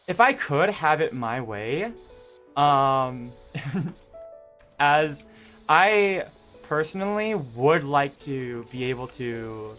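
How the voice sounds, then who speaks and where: Young guy rambling to his stream chat, lots of ums and restarts, quiet music under him. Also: mid-range voice. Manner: rambling, hesitant, many fillers and restarts. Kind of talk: casual live-stream chat with viewers.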